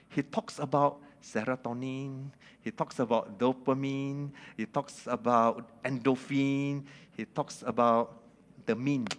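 A male preacher giving a lively sermon. He keeps asking the audience questions, laughs often and speaks in simple, broken grammar. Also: medium pitch.

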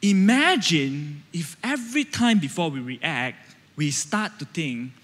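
High-voiced Malaysian preacher in a hall. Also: male voice, big pitch swings, measured pace, fairly bright tone. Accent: Malaysian English. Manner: conversational, storytelling, frequent "right?" check-ins. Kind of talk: sermon.

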